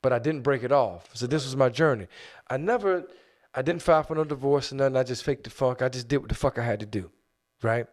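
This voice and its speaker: Loud profane man podcast co-host. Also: mid-range voice, quick pace. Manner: loud, profane, jumps in and talks over. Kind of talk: casual podcast chat.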